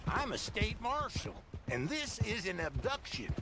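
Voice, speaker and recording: A man's voice: sits high, big pitch swings, measured pace, creaky, very noisy, exaggerated voice. An actor playing a proud, prickly old male state marshal in a video game, indignant and insistent on his title. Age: older.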